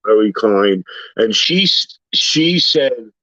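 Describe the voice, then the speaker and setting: A man on a talk panel, telling everyday stories in a casual, animated way and acting out the people he quotes. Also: fairly low pitch, slow, dry recording. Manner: animated storyteller, acts out quoted voices. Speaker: panel guest. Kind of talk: casual storytelling chat. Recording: slightly dull lo-fi sound.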